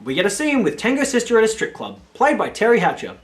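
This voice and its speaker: A man's voice: sits high, wildly swooping pitch, fast, noisy background. A man hosting a film review video, giving blunt, sarcastic scripted commentary and swearing casually.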